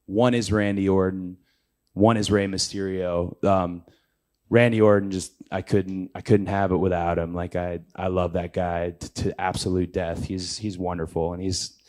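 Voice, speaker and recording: A man's voice: low-pitched, level tone, moderate pace, darkish tone. A man in his thirties, an interview guest telling a casual story, acting out quotes in raised voices. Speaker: interview guest, pro wrestler.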